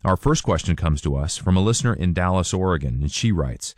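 A man announcing a radio program, reading a scripted introduction in a formal, measured way. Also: low-pitched, animated, dry recording, studio quality.

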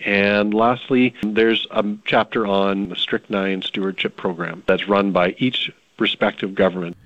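Man, low voice, matter-of-fact explainer, dull dry lo-fi clip. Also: steady tone, unhurried, a bit bright, dry recording. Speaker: interviewed association director.

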